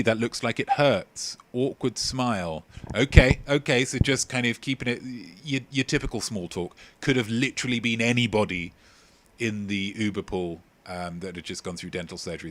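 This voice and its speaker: A man's voice: on the low side, a bit bright. A man hosts a live-streamed comedy quiz in a jokey, playful way. He reads out answers from the chat and keeps slipping into snatches of song. He sounds like he is streaming from a home setup. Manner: playful, jokey, breaks into singing lyrics. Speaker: quiz host.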